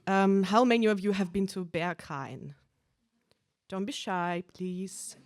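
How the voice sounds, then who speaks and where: A young woman telling a stand-up story into a stage mic, loose and conversational, full of little "like"s and "um"s. Her voice sits at an ordinary middle pitch. The sound is dry and close, with almost no room echo. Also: takes it slowly. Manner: casual, chatty, full of "like" and "um". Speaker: stand-up comedian. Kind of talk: stand-up comedy set. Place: stage at a live event.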